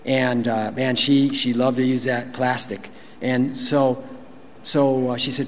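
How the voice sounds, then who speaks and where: A man preaching a sermon as pastor, animated, acting out quotes in raised voices and laughing now and then. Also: medium pitch, a little slow, big-room sound, slight background noise. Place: church.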